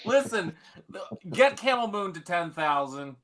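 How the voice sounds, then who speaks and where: A man hosting a casual late-night livestream, animated and quick to laugh, talking in fast bursts. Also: sits high. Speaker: host.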